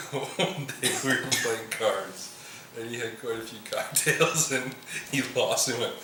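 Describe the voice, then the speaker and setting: A man's voice: medium pitch, unhurried. A man at a deer camp telling a short anecdote in casual chat. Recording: echoey room with background noise.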